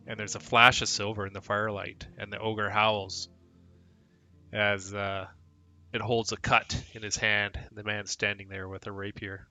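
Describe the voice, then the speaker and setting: Gravelly, bright-voiced man running a game. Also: lowish voice. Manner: halting, full of fillers. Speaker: game master. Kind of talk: narrating a tabletop game.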